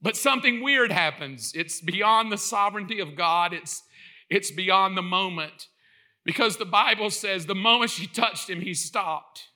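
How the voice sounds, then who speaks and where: A man preaching a sermon in an animated way, acting out the voices in his story and building to impassioned shouts. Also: high voice, unhurried.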